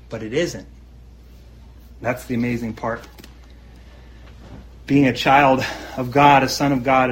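A man's voice: medium pitch, slight background noise, low-quality recording. A man preaching a sermon, reading scripture aloud and then explaining it in an earnest, conversational way, often asking his listeners questions.

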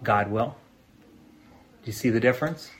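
A man's voice: mid-range voice, moderate pace. A man preaching a sermon in an earnest, conversational way, often asking his listeners rhetorical questions. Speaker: pastor.

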